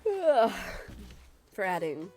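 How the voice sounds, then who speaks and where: A woman's voice: medium pitch, sing-song, slow pace, a little mellow, faint music behind. A young woman with the hiccups, chatting casually and laughing often while streaming a video game. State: has the hiccups. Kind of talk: casual gameplay chat.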